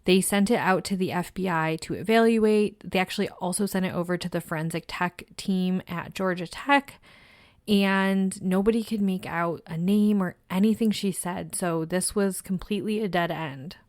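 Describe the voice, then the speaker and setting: A woman hosting a true crime podcast, narrating a case in a measured, somber way. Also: lowish voice, dry recording, clean studio sound.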